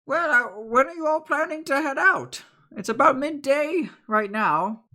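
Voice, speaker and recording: Dude doing nervous motherly old bread lady, lots of uhs and stutters, higher voice. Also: expressive, unhurried, sharp tone, heavily acted. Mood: fretful. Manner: stammering, full of uhs, fretful.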